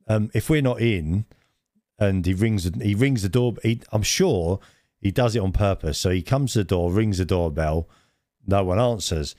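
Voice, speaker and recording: A man with a fairly low voice chats casually on a podcast, wandering through his stories with frequent laughter. The sound is close and dry. He talks in a relaxed, meandering way. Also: moderate pace, no echo. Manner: rambling storyteller who laughs often. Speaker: podcast co-host.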